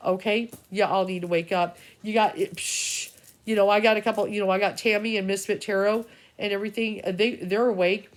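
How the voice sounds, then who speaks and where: A woman's voice: mid-range voice, fairly even intonation, brisk. A middle-aged woman, an intuitive reader, rambling through an agitated, profane, stream-of-consciousness vlog rant.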